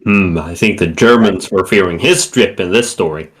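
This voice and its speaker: A man's voice: sits low, normal speed, a bit bright. A man chatting over voice chat with friends, making dry, joking remarks. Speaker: stream participant. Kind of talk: casual chat.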